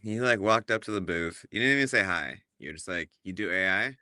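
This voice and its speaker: Brief: very deep man with a forceful tone, relaxed storyteller, dry recording. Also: a little fast, no room sound. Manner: relaxed storyteller, acts out quotes, laughs easily. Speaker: podcast guest. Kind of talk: casual interview chat.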